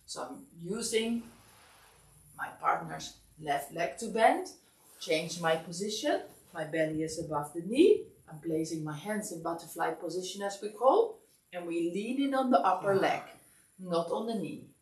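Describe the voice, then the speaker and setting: Woman instructor, drowsy and calm, low gravelly voice, recorded from afar in an echoey studio. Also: unhurried, recorded from a distance. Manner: calm step-by-step guidance, counting aloud. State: sleepy, yawning. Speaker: massage teacher. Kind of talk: instructional class demonstration. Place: massage studio.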